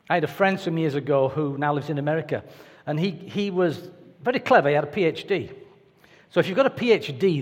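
A man's voice: a little high, husky. A man preaching a sermon in a conversational, anecdotal way with playful asides. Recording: reverberant hall.

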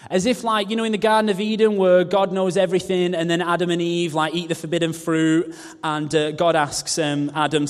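Pastor preaching in a reverberant hall. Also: male voice, high-pitched, level tone, fairly quick. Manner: humorous, self-mocking asides. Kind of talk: sermon. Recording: long reverb of a large hall.

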